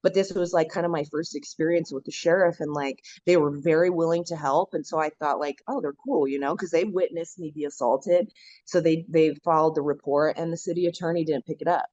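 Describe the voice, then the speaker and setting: A woman guest telling her story in a casual conversation, animated and full of "like" fillers. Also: deep voice, brisk, dry recording. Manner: animated, acts out quoted dialogue, many "like" fillers. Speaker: podcast guest, local activist. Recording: dull lo-fi dry audio.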